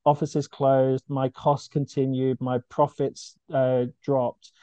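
A man's voice: medium pitch, level tone, slow, dark tone, clear, resonant tone, no room sound. Oprechte Britse man, donkere droge stem. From United Kingdom. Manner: earnest, heartfelt storytelling with frequent restarts. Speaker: charity founder. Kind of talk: podcast interview.

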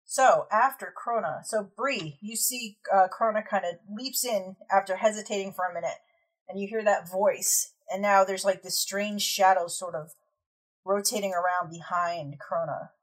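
Casting: woman game master, husky tone, mid pitch, casual rambling scene narration. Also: normal speed, poor audio. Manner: loose descriptive narration full of "like" and "kinda".

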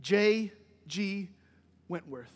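A pastor delivering a sermon with a strikingly high voice for a man. He drives points home by repeating phrases. His words ring out with a long church reverb behind them. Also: expressive, drawn-out words. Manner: emphatic preaching with repeated phrases. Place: church sanctuary.

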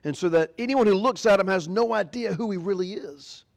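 A man's voice: sits high, fairly quick, gravelly. A man preaching a sermon as pastor, animatedly retelling a fairy tale. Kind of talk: sermon storytelling.

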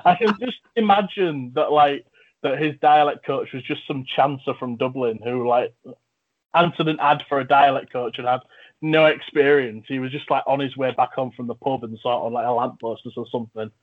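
A man's voice: medium pitch, normal speed, narrow, tinny audio. A man hosting a casual film chat, talking with enthusiasm and a joking manner. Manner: chatty, enthusiastic, jokey. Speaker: podcast host and film reviewer.

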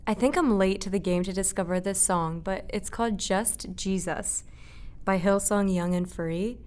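A woman's voice: medium pitch, normal speed, a little mellow. A young adult woman, a guest in a casual interview, speaking earnestly and reflectively and laughing easily.

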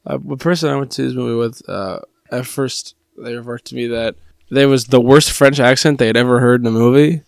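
A man's voice: medium pitch, steady tone, fairly quick, vocal fry, no room sound, studio quality. A man co-hosting a podcast, chatting in a laid-back way who often finishes his co-host's sentences. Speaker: podcast co-host. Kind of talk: casual chat.

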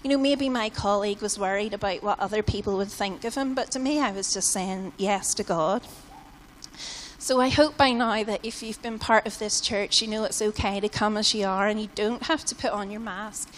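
A woman's voice: medium pitch, moderate pace, a little hiss or hum. Chatty British woman preaching in a reverberant hall. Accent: British English. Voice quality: chatty, conversational, sprinkles in "like" and "you know". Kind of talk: sermon. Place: church hall. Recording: long hall reverb in a church.

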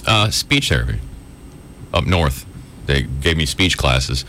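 A man's voice: rumbling low, animated, slow pace, pushed and bright, slight background noise. A man co-hosting a radio show, easygoing and self-deprecating in casual banter. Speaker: radio co-host.

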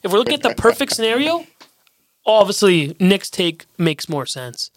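A man's voice: high voice, big pitch swings, normal speed, no room sound. A man in a casual debate, reasoning through his point aloud with stammering restarts.

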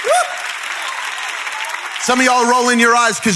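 A pastor preaching a sermon to a congregation in church, rhythmic and repetitive, building up to impassioned shouts. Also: male voice, extremely high pitch, monotone, measured pace, crowd noise, background noise. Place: church stage before a congregation.

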